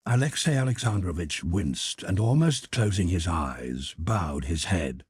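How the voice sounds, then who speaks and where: A man narrating an audiobook in an expressive, measured storytelling manner. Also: low voice, breathy edge, no room sound. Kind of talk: scripted narration.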